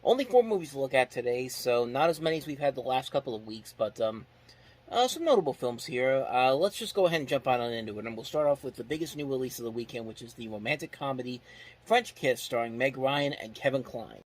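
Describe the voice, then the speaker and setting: A man's voice: medium pitch, animated, brisk. A man hosting a movie review show, talking loosely with lots of restarts and exasperated asides. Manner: rambling, frequent restarts, exasperated critique. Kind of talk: casual spoken movie review.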